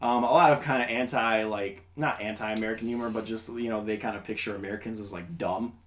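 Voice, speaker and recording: A man's voice: on the low side, fairly even intonation, quick pace, fairly bright tone. Laid-back young man rambling casually. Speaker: podcast host. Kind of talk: casual chat.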